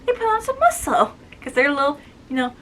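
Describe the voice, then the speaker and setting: Bright-voiced chatty woman retelling a story. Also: sits high, sing-song. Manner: chatty, acts out quoted lines with quick voice shifts. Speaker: book reviewer.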